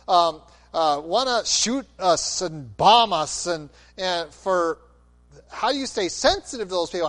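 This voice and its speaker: A man preaching a sermon, expressive, moving between loud emphasis and quiet intensity. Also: high-pitched. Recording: long hall reverb.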